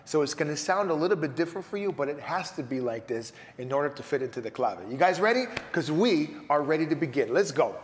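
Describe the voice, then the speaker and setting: A musician sings out rhythm patterns in nonsense syllables and walks through how they fit the beat. His voice sits a bit high. The room is echoey, with a long reverb tail and clear background noise. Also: lively intonation, quick pace, few pauses. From New York. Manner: scats rhythms with syllables, explains patiently. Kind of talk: music lesson, vocalizing rhythms.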